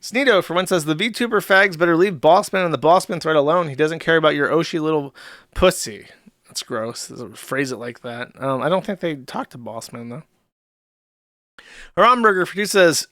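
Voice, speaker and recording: A man's voice: on the high side, animated, bright, forceful tone, dry recording, studio quality. A man hosting a livestream in a casual chat style, reading out donation messages in an offhand, sardonic way. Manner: offhand and sardonic, with quick laughs. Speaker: host.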